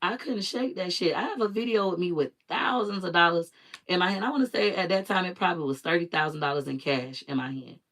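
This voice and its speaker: A woman's voice: lowish voice, quick pace, a bit bright. A woman hosting her own live stream, telling a personal story in an emphatic, repetitive way with blunt swearing.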